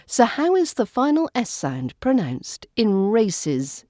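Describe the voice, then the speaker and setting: A woman with a British RP accent teaching pronunciation in a podcast lesson, saying each sound slowly and carefully. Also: mid-range voice, sing-song, dark tone, no room sound, clean studio sound. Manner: slow, careful enunciation of single sounds. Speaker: accent coach.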